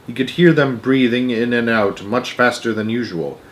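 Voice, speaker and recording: A man narrating a children's storybook aloud, gentle and expressive. His voice sits at an ordinary middle pitch, unhurried. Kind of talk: reading a children's book aloud.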